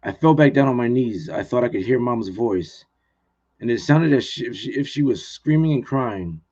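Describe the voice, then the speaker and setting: A man's voice: mid-range voice, animated, moderate pace, dark tone, husky. Male author, mid-range voice, earnest first-person reading, muffled lo-fi stream sound. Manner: plain, earnest reading with small restarts. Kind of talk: live reading of his own novel.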